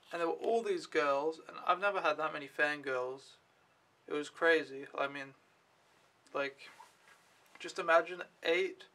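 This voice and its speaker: Bright-voiced young man vlogging casually. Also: fairly high pitch. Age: young adult. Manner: rambling, offhand, swears freely. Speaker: au pair vlogger. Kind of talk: casual vlog storytelling.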